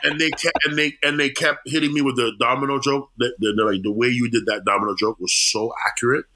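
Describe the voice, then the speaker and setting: A man who is a comedian telling lively stories on a podcast, laughing and restarting his words. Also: medium pitch, fast talker, low-quality recording. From Canada. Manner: animated, laughing storyteller, repeats words. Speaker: comedian guest. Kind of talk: casual storytelling chat.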